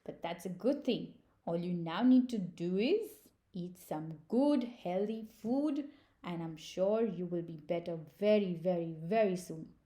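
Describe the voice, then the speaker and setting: A woman doing a slow, soothing doctor. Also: lowish voice, animated, warm tone. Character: gentle reassuring male forest doctor.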